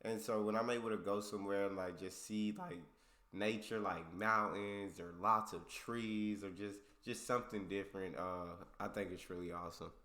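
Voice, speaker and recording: A man's voice: on the low side, fairly even intonation, moderate pace, pushed and bright. A man from a small town in Texas, hosting a reaction video in an upbeat, slangy, casual way. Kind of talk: casual chat.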